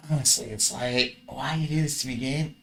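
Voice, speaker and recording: A man's voice: mid-range voice, unhurried, creaky, fairly bright tone, a little hiss or hum. A man casually commentating his own card game match, grumbling and swearing at his bad luck.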